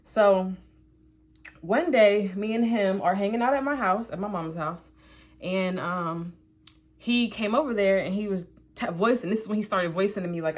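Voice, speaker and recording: A young woman tells a personal story to her viewers while she does her makeup. Her talk is chatty and animated, and it is full of asides and "like" fillers. She keeps an easy, conversational tone throughout. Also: mid-range voice, normal speed. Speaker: vlogger.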